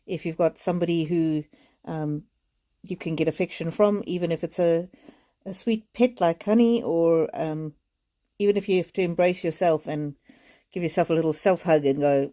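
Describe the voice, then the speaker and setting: Mellow low-voiced woman reading cards. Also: a little slow, creaky, pauses often. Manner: gentle and reassuring, talks straight to viewers; emotional, close to tears. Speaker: oracle card reader. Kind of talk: live-streamed card reading.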